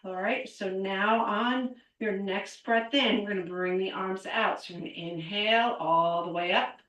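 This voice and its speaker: A woman's voice: medium pitch, unhurried, a bit bright, recorded from a distance. A middle-aged woman teaching a qigong class, counting aloud and cueing movements while a little out of breath. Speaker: qigong instructor. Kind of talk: guided exercise class. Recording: echoey room, voice away from mic.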